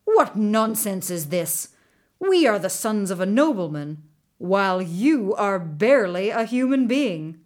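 A woman's voice: medium pitch, big pitch swings, unhurried, a little mellow. A woman doing sneering haughty noble sons. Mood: scornful.

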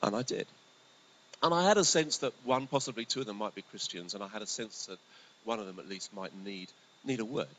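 A male pastor preaching a sermon in a conversational, storytelling way, his voice swinging between lively bursts and hushed asides. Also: lowish voice, brisk, rough recording. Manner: conversational, animated, often drops to a hushed voice. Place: church hall. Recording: faint hiss.

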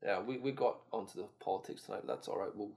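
A man co-hosting a podcast in loose, profane casual chat, now and then bursting into loud excitement. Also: lowish voice, fast, creaky. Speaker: podcast co-host.

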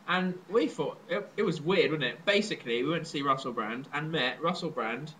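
A young man from southern England co-hosting a casual chat show, excitable and jokey with sudden loud laughing shouts. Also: on the high side, brisk, slight background noise, poor audio. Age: young adult. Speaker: podcast co-host.

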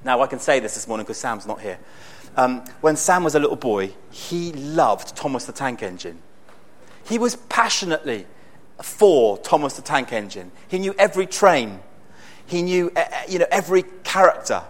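A man preaching a sermon in a conversational, storytelling way with bursts of excitement. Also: medium pitch, normal speed.

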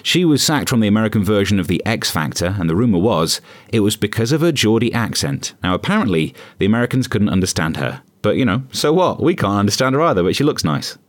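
A man hosting a podcast, reading scripted comic news with sarcastic, deadpan asides. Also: fairly low pitch, fast talker, dry recording, studio quality. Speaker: podcast host.

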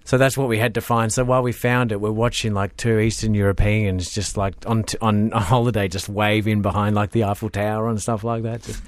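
A man's voice: fairly low pitch, flat delivery, fairly quick, hardly any pauses, dry recording. Man, podcast co-host, hyper, rambling, dry close studio sound. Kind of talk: casual studio chat. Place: radio studio.

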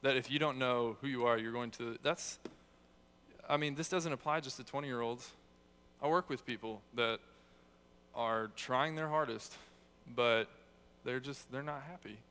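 A man's voice: mid-range voice, a little slow, long pauses, sharp tone, smooth. A young man giving a casual, conversational sermon, telling stories with self-deprecating humor. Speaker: youth speaker.

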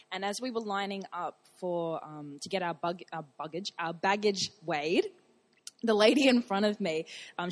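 A young woman telling her testimony at church in a casual, chatty way, with fillers and acted-out dialogue. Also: medium pitch. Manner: chatty, many fillers and restarts, acts out dialogue. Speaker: church member giving testimony. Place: church service.

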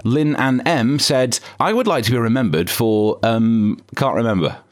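A British man hosting a comedy podcast, with dry, sarcastic asides in a deadpan monologue. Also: mid-range voice, moderate pace. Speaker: podcast host.

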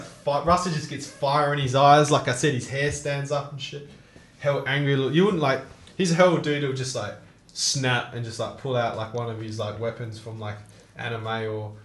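A man's voice: mid-range voice, reverberant. A young man telling stories in casual chat, laughing and swearing often. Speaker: co-host.

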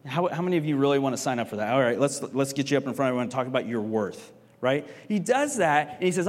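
A man teaching a sermon in a casual, conversational way, often checking in with the listeners with quick tag questions. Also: mid-range voice, very animated, in a large hall. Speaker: pastor teaching a Bible class. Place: stage in a large hall.

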